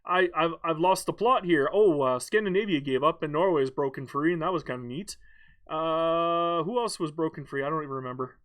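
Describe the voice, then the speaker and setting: A man's voice: a little high, fairly quick, a bit bright. A man giving casual, playful and boastful commentary while playing a strategy game, rambling with frequent restarts. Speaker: gaming YouTuber.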